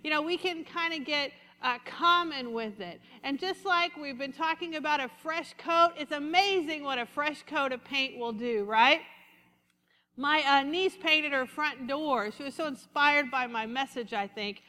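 A woman pastor giving a lively, conversational sermon and calling out to her congregation. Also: high-pitched, unhurried, big-room sound. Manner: lively, conversational preaching with congregation call-outs.

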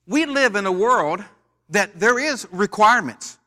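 A man from the United States preaching in a church, with a high, bright and forceful voice. He leads the congregation in call-and-response and teases its members in a playful way. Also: lively intonation, a little slow. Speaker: pastor. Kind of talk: sermon.

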